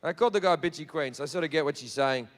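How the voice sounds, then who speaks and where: An Australian man doing profane, animated stand-up storytelling on a theatre stage. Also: fairly high pitch, racing. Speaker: stand-up comedian.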